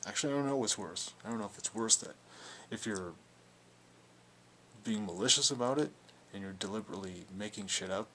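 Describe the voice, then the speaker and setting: A man's voice: on the low side, brisk, sharp tone, slight background noise. A young man talking casually in a video blog response, rambling and defiant, with plenty of filler words. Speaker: video blogger.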